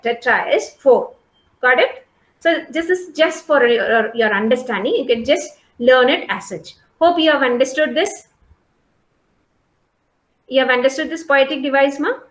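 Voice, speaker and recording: A woman's voice: sits high, lively intonation, a little slow, a bit bright. A woman teaching a class, talking patiently with many fillers and checking whether students follow. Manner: patient, repeats and checks understanding. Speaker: lecturer. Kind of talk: classroom lecture. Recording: echoey room.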